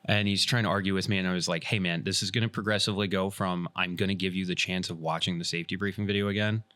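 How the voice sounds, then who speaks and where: Fast, bright-voiced low man telling stories. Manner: animated retelling, acts out quoted dialogue. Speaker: podcast host and field referee. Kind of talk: casual podcast storytelling.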